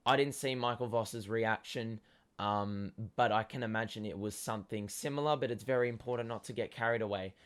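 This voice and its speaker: Young Australian fan host, hoarse, casual excitable match recap, mid-pitched. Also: male voice. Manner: excitable fan talk with many ums. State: hoarse from cheering.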